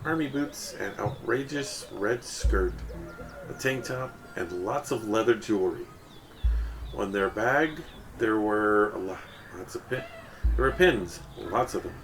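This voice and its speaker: A man's voice: on the low side, animated, measured pace, a bit bright. A man reading a first-person story aloud in a casual way, correcting himself as he goes. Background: music.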